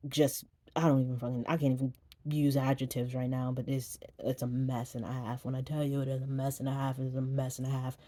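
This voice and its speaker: A woman's voice: a bass voice, warm tone, no echo. Rambling, swearing young woman author. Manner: rambling, self-deprecating, swears freely. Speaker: indie author. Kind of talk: casual rambling vlog outro.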